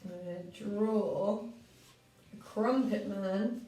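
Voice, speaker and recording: A woman teaching children how to build a story, speaking clearly and patiently at a mid-range pitch. Her voice carries a roomy echo. She sounds a little away from the microphone. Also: very slow. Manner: clear and patient, with lively expressive reading. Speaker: primary school teacher. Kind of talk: story-writing lesson for children. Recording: roomy, from a distance.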